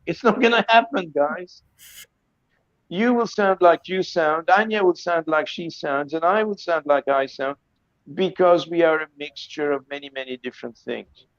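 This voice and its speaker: A man's voice: on the high side, normal speed, no room sound. A man speaking emphatically on an academic video-call panel, often repeating words as he reworks a thought. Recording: dry, slightly dull lo-fi audio.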